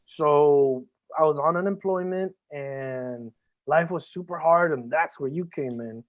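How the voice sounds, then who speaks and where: A man speaks as a podcast guest in an emotional, heartfelt conversation. He talks earnestly, swears freely and often stops to restart a sentence. His voice sits fairly high and comes through thin and band-limited, like a phone line. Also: a little slow.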